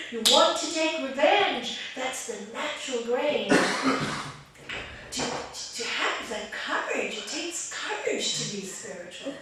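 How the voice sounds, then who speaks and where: A woman raja yoga teacher giving a spiritual talk to a small group, chatty and lively, often laughing as she tells stories. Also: sits high, slight background noise. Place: meditation group room. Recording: echoey room, voice picked up from a distance.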